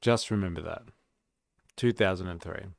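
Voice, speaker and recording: A man with an Australian accent and a very low, gravelly voice hosts a livestream. He reads and riffs in loose, rambling commentary full of filler words, and his voice sits close and dry with no room around it. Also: moderate pace, no echo. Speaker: livestream host. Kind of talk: casual commentary while reading and reacting to a video.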